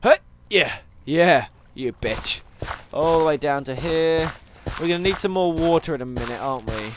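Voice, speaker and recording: A gaming channel host with a slightly high voice talks at a normal speed over a little hiss or hum. During his Minecraft let's play he rambles, jokes and drifts onto tangents, chatting to viewers and to the animals in the game.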